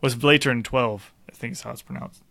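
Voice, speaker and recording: A young man chatting on a podcast with a bright, forward voice. He is laid-back and swears freely as he talks about beer and movies. He laughs easily. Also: medium pitch, fairly even intonation, a little fast, creaky. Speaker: podcast co-host. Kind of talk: casual chat over beers.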